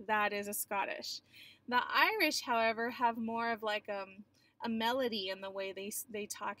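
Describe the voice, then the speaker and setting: A woman's voice: a little high, steady tone, moderate pace, fairly bright tone, no echo. A young adult woman teacher giving a recorded geography lecture in a chatty, explanatory way with frequent filler sounds.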